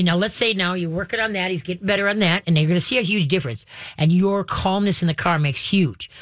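Female radio vet host, conversational, animated, dry booth sound. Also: on the low side, no echo. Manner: animated, acts out dog owners in quick voices. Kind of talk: casual advice talk.

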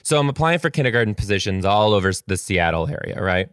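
A man who teaches kindergarten, telling a story to his viewers in a gushing, animated, chatty way. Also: lowish voice, fast talker, smooth, no room sound, clean studio sound. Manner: chatty with frequent "like" fillers.

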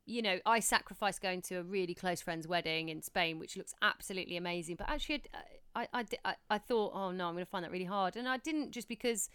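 A woman in her thirties co-hosts a casual podcast, talking things through in a reflective, rambling way. Her voice is very smooth and clear, recorded close and dry with no room sound. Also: on the low side, fast talker, few pauses, a bit bright, dry recording. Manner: chatty, reflective, many restarts. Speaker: podcast co-host. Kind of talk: casual chat.

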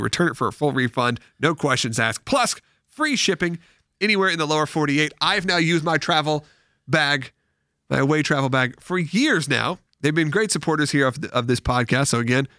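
A man who has school-age kids, hosting a podcast, chatting casually and reading sponsor ads in an animated, jokey way. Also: mid-range voice, no echo, studio quality. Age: adult with school-age children. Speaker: podcast host. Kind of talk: casual chat and host-read ad.

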